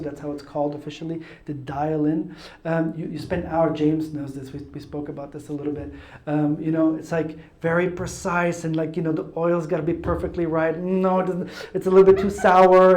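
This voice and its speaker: A man's voice: on the high side, mellow. A man from Italy telling a personal story in a chatty, self-mocking way. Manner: chatty, self-mocking, laughs at his own stories. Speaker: speaker. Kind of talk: casual testimony talk. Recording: roomy echo.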